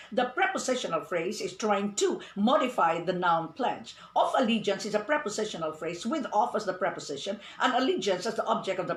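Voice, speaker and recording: Woman English tutor, emphatic and animated, in a roomy space. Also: mid-range voice. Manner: emphatic, repeats "no, no" when correcting. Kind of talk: radio-style online English lesson. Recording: echoey room with faint ambient noise.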